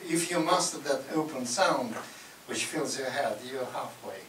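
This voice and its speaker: Animated man in a roomy hall. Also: medium pitch, measured pace, recorded from a distance. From Russia. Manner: animated, laughs often, acts out Russian voices loudly. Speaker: guest speaker. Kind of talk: public talk answering audience questions. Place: university lecture hall. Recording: roomy hall recorded from afar with noise.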